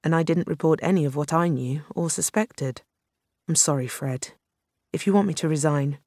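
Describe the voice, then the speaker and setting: A reader playing a quick-witted female aide, raised and quick as she works things out. She stays apologetic toward her boss. The sound is dry and close. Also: deep voice, warm tone, dry recording.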